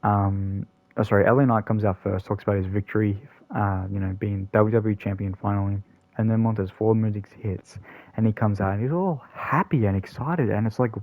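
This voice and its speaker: A man's voice: lowish voice, steady tone, fairly quick, no echo, phone-quality sound. A man hosting a gaming channel, giving rambling, casual commentary full of ums and self-corrections.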